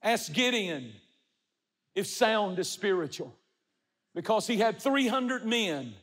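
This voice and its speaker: A man's voice: high-pitched, sing-song, slow, a bit bright, long reverb tail. A man preaching a sermon as pastor, building emphatic, repetitive rhythms.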